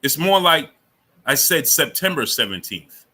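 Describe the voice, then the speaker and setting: A man's voice: a little high, big pitch swings, a little slow, sharp tone, slightly rough. A man hosting a live boxing stream, lecturing a viewer, repeating himself and greeting chatters by name. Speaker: boxing channel host.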